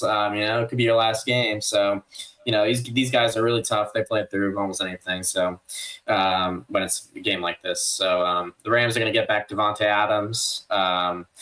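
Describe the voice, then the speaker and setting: A man's voice: fairly low pitch, steady tone, moderate pace, a bit bright, low-quality recording. A man giving a casual sports update on a podcast, easygoing and matter-of-fact, with many fillers. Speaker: sports analyst guest.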